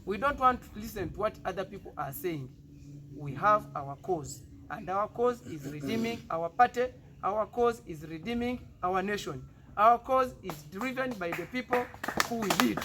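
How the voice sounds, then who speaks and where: Ugandan man, politician, high voice, emphatic, defiant, faint background noise. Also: expressive, moderate pace, sharp tone. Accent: Ugandan English. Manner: defiant, emphatic, rhetorical repetition. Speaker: party politician. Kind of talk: political press statement.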